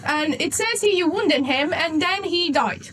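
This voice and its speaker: A woman's voice: very high-pitched, lively intonation, a little slow, fairly bright tone, a little hiss or hum, exaggerated voice, rough recording. A woman doing a smug scrawny young guard. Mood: needling. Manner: mocking, repeats "right?" after every charge.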